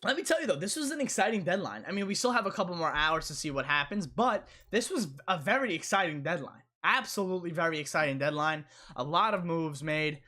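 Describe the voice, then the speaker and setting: A man's voice: a little high, lively intonation, brisk, hardly any pauses, sharp tone. A young man hosting a casual live stream, rambling and repeating himself as he answers chat.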